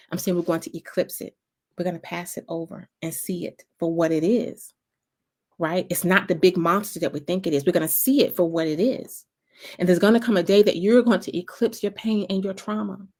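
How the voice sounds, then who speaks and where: A woman's voice: lowish voice, a little mellow. A woman from North Carolina with a Southern accent, giving an inspirational faith talk as a motivational speaker, with emphatic repetition and a preaching cadence.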